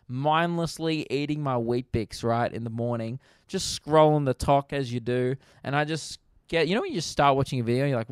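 A man's voice: medium pitch, clear, resonant tone, dry recording, clean studio sound. A young Australian man hosting his own podcast, telling stories casually, swearing a lot and acting out the people in them. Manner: swearing, animated, acts out other people in funny voices. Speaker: podcast host. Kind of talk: casual solo podcast storytelling.

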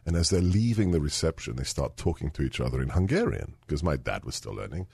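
A man raised in the UK, telling family stories in casual chat, animated and laughing. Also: very deep voice, fast, creaky, husky, dry recording, clean studio sound. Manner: animated, laughing, mimics voices in his stories.

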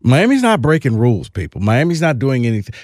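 A man's voice: mid-range voice, very animated, fast, darkish tone, no room sound, studio quality. A man co-hosting a sports podcast, talking in a casual, emphatic and opinionated way, often restarting his phrases.

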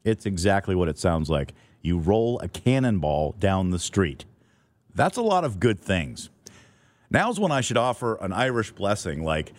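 A man's voice: sits low, big pitch swings, unhurried, dry recording. A middle-aged man telling a scripted, wry, playful story as a podcast host.

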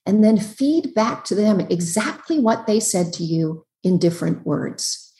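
A woman psychologist joins over a video call and lays out advice in quick, emphatic lists. Her voice sits at an everyday middle pitch and carries a clear, roomy echo from the space she is calling from. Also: animated, warm tone. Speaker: relationship psychologist guest. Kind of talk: podcast interview giving advice. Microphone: computer on a video call.

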